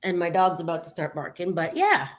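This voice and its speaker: A woman guest poet who recites her poem in a dramatic spoken-word style with big swings in loudness, then chats loosely with plenty of fillers. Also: lowish voice, sing-song, a little fast. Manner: chatty, loose and full of fillers when talking. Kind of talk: spoken-word poetry and casual chat.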